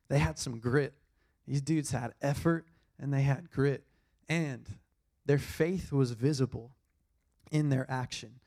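Gravelly young man preaching. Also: medium pitch, darkish tone. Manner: earnest, conversational preaching with repeated key lines. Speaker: pastor. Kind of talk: sermon.

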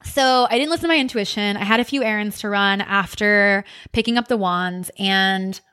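A woman hosting a podcast, telling a personal story in a candid, animated way, with many fillers and some swearing. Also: mid-range voice, normal speed, clean tone. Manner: seen on camera holding crystal wands. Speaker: podcast host. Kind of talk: personal reflective monologue.

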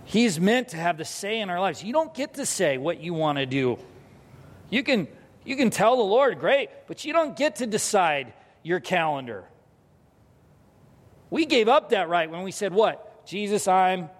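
High-voiced animated preacher in a hall. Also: male voice, measured pace. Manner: animated storytelling, acts out scenes. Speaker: pastor. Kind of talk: sermon. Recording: hall reverb.

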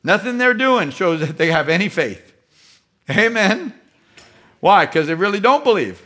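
A man's voice: high-pitched, very animated, brisk, pushed and bright. Emphatic male pastor preaching. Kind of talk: sermon.

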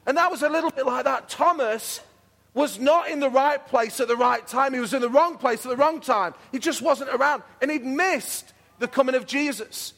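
A man's voice: extremely high pitch, normal speed, a bit bright. A man preaching a sermon as pastor, earnest and repetitive, building to fervent declarations. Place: church hall. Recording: long hall reverb.

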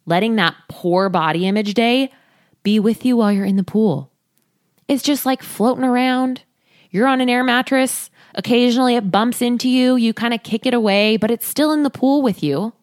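A woman hosting a talk, coaching listeners in an earnest, expressive way and acting out their inner voices. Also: fairly high pitch, normal speed, no room sound, clean studio sound. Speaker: podcast host, body image coach. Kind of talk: casual motivational talk.

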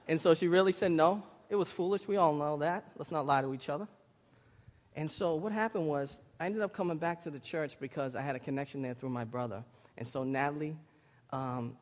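Brief: man in his thirties, Lynn accent, preacher, animated storyteller, fairly high voice, long hall reverb. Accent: Lynn, Massachusetts. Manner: animated storytelling, rising to loud bursts. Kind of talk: sermon.

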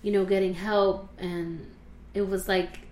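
A woman's voice: mid-range voice, flat delivery, a little slow, a little mellow, roomy sound. A woman interviewing a guest, supportive and reflecting back what the guest has said.

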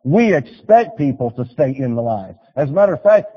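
A man preaching a sermon, telling stories and urging his listeners, swinging from loud appeals to quiet pleas. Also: on the high side, expressive, a little fast, hardly any pauses, breathy edge, in a large hall, dull audio. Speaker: pastor.

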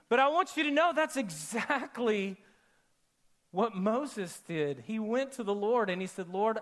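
High-voiced male pastor preaching animatedly. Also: a little slow. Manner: animated, acts out quoted voices, drops to soft intimate tones for emphasis. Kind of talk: sermon. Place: church auditorium with a congregation.

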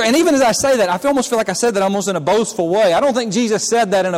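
A man's voice: high-pitched, racing, hardly any pauses, noisy background. A man preaching a sermon in a church, acting out the scenes he describes. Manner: dramatic preaching, acts out scenes. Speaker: pastor. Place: church sanctuary. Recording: long hall reverb.

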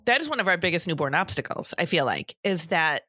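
This middle-aged co-host talks fast in a lowish, pushed, bright voice, very animated, on a casual podcast with clean studio audio and no echo. As a breastfeeding professional, she stresses her points and adds exasperated comments about pediatric office life.

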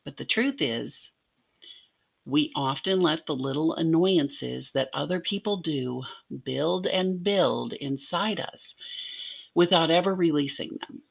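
A woman's voice: deep voice, slow, creaky, breathy edge. A middle-aged woman from Arkansas teaching a devotional lesson, telling a personal story in an earnest way with light laughs. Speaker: podcast teacher.

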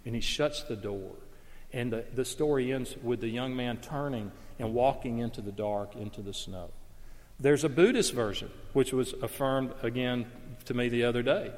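A man's voice: mid-range voice, fairly even intonation, normal speed, darkish tone. A man preaching a sermon, earnest and emphatic, pressing hard on his key points. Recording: long reverb of a large hall.

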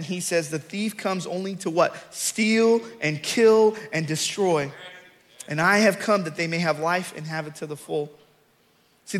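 A middle-aged male pastor preaching a sermon. He mixes relaxed storytelling with rising, shouted emphasis on key lines. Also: high voice.

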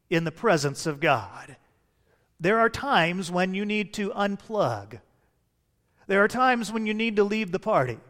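A man's voice: on the high side, a bit bright. A man preaching a sermon as a pastor, telling stories with humor and shifting his pace. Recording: long reverb of a large hall.

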